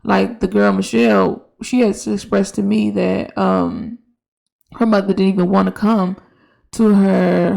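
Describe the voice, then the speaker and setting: A woman's voice: medium pitch, vocal fry, a little mellow. A young woman, a teacher hosting her own podcast, reflecting in a casual, conversational way with frequent restarts. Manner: conversational, with many restarts and quoted dialogue. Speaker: podcast host, elementary school teacher.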